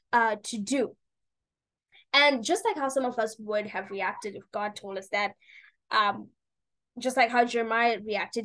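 A woman's voice: a little high, rough recording. A woman giving an earnest devotional talk, reading scripture and exhorting her listeners with casual fillers. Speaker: preacher.

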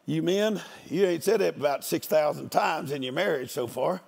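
A man's voice: a little high, normal speed, gravelly, a little mellow, breathy edge. An older man, a guest preacher, giving a storytelling sermon in a folksy, joking country manner.

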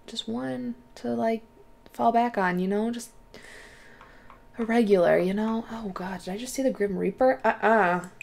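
A woman gives casual gameplay commentary, chatting along and talking to her game characters. Her voice sits a bit high and has a gravelly fry. She speaks slowly and takes her time between remarks. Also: a little mellow. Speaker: let's play host.

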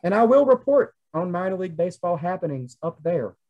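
A man's voice: high voice, sing-song, a little fast, darkish tone, muffled recording. Chatty young Southern man. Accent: Southern American. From American South. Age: young adult. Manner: chatty, rambling with many fillers. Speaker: podcast co-host. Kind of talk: casual chat.

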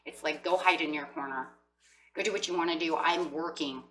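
A woman's voice: deep voice, fairly quick, a bit bright, distant mic, a little hiss or hum, low-quality recording. A woman giving a chatty tarot reading, acting out what people might say. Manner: chatty, acts out quoted voices with emphasis. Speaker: tarot reader.

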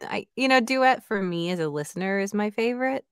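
A woman's voice: medium pitch, expressive, a little fast, smooth, no room sound, clean studio sound. A woman audiobook narrator and author chatting in an interview, enthusiastic and full of fillers. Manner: chatty and enthusiastic, many "like" and "you know" fillers. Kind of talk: casual interview chat.

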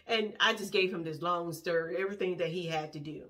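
A middle-aged woman chats to camera in a loose, wandering storytelling voice. Her tone is bright and pushed forward, sitting a little low for a woman. She rambles happily, restarting sentences as she goes. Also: a little fast, few pauses. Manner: animated, rambling, acts out quoted voices. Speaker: vlogger.

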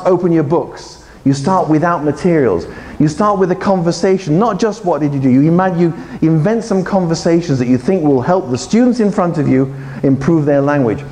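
A man giving a lively, joking conference talk to teachers and quizzing the audience as he goes. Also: a little high, a little hiss or hum. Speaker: conference speaker. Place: large conference hall. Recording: echoey hall with faint ambience.

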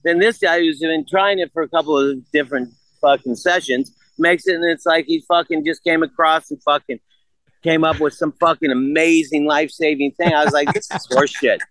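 This podcast guest is a man in his sixties whose voice is fairly high and a little fast. He recounts a story with lively, profane energy, quoting the back-and-forth between people. The recording has no echo and is low in quality.

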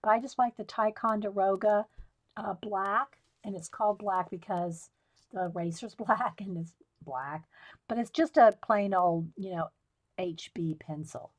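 A woman's voice: mid-range voice, unhurried. A woman hosting a live coloring tutorial, chatting casually, laughing often and answering viewers by name. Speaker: coloring tutorial livestream host.

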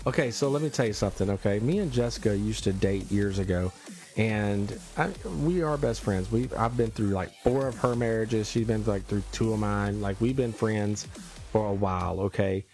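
Man, gravelly, livestream host; teasing and indignant rant. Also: fairly low pitch, normal speed, a little mellow, faint music behind. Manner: ranting, teasing, exaggerated indignation.

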